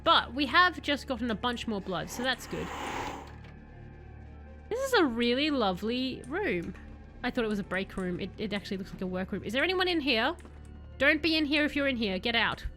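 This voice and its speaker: A young woman with a somewhat high voice streams a video game at a moderate pace over soft background music. She chats casually and ramblingly with her viewers in a let's-play style, breaking into bursts of excited yelling.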